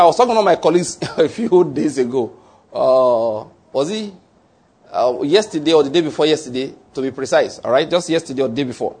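A man preaching a sermon, reading Bible verses aloud and then explaining them slowly, checking in with listeners. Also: a little high, breathy edge. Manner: reads scripture then explains slowly, with restarts and "all right?".

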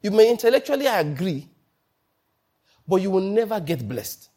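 A man's voice: high voice, very animated, normal speed, dark tone. A man preaching a sermon, acting out quoted people and breaking into laughter between points. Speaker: pastor.

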